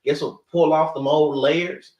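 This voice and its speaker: High-voiced man preaching in an echoey room. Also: steady tone, a little slow, a little mellow, recorded from a distance, dull audio. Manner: preachy, repeats "guess what" and "man", swears casually. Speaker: teacher of a scripture class. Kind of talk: street-style Bible teaching.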